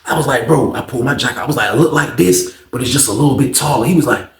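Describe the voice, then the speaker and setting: A man telling a casual storytime monologue, cursing and acting out the voices of the people in his story. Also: quick pace. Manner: animated, acts out voices with big pitch jumps, heavy slang and cursing. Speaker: storyteller host. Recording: roomy echo.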